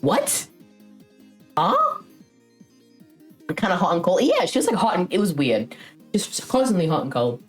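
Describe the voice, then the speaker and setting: A woman's voice: on the low side, brisk, soft background music. A young woman streamer casually telling a long story, rambling and swearing freely as she goes. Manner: rambling, frequent swearing, lively retelling.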